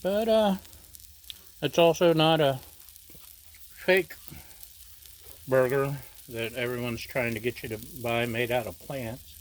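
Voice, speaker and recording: A man hosting a casual cooking vlog, talking in a slow, rambling, folksy way with many fillers. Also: medium pitch, slight background noise. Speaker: cooking channel host. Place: outdoor griddle cook station. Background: food sizzling on a griddle.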